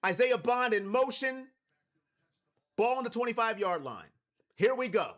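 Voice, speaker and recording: A man's voice: very high voice, lively intonation, a little slow. A man from Cleveland hosting a live watch party stream, calling plays and talking to his chat. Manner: hypes chat, shouts on big plays.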